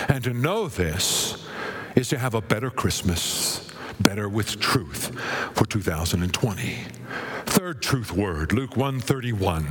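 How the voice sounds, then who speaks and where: A man preaching a sermon with great drama, swinging from ringing, sung-out high lines to low, hushed words. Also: expressive, slow. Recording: long hall reverb.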